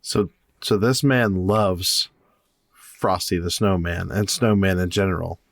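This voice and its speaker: A man playing a tabletop game, making drawn-out jokes. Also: low-pitched, steady tone, creaky, no echo, studio quality. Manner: slow, joking, drawn-out. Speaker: player. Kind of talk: casual tabletop role-play.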